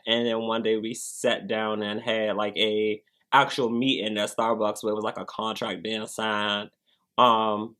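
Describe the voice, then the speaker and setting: A man's voice: on the low side, clear, resonant tone. A young adult man, a cast member, chatting casually in an interview, rambling with lots of filler words. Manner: relaxed, rambling, heavy use of "like" fillers.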